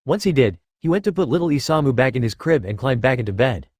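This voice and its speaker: A man narrating a fan-written story aloud in a steady, even way. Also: medium pitch, fast, dry recording, studio quality. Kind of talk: reading fan fiction aloud.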